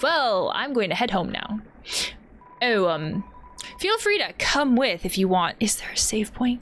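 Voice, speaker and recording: A woman who works as a counselor, giving casual commentary while playing a game, with quick exclamations and thoughtful asides. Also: medium pitch, expressive, a little hiss or hum. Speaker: counselor playing video games. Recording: game music under voice. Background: game music.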